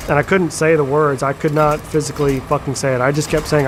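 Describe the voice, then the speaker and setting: A young man telling a painful personal story in a halting, candid way, with repeated words, fillers and swearing. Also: fairly high pitch, flat delivery. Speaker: storyteller sharing a personal account. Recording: clear background engine noise.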